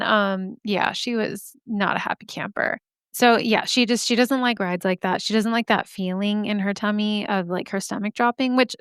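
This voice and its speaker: A woman's voice: mid-range voice, fairly bright tone, clean tone, no room sound, clean studio sound. A woman hosting her podcast in a bubbly, chatty way, laughing often, her throat a little scratchy. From Arizona. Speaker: podcast host. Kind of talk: casual chat. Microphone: studio microphone.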